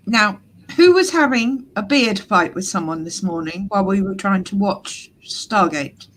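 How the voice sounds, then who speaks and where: A woman's voice: mid-range voice, lively intonation, measured pace, a little hiss or hum. A woman in casual chat on a video call, trading teasing, laughing banter. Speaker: regular chat participant.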